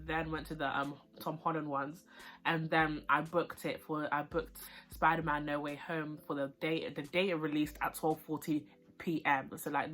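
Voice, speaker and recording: A young woman, chatting casually while eating and reviewing food and a film. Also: low-pitched. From United Kingdom. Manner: chatty, excitable, slangy, eating while talking. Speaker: vlogger. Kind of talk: casual mukbang chat and review.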